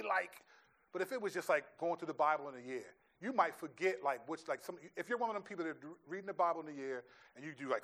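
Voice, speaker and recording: A man's voice: fairly high pitch, fairly bright tone. A man speaking as a pastor in a church question-and-answer session, thinking aloud and often restarting his sentences.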